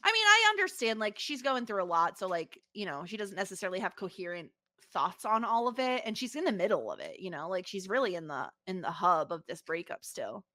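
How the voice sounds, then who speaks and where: A woman co-hosting a podcast in casual chat, excitable and quick to react. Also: mid-range voice, dry recording. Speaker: podcast co-host.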